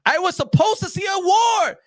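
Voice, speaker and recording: A man doing an impression of a boastful, rich male boxing promoter, shouting and swearing in exasperation. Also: extremely high pitch, moderate pace, pitched above the performer's own voice.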